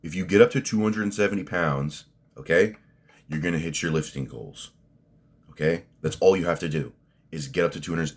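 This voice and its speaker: A man's voice: a bass voice, breathy edge. A man, rambling bluntly through a casual commentary vlog, swearing freely and restarting his sentences. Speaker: fitness vlogger.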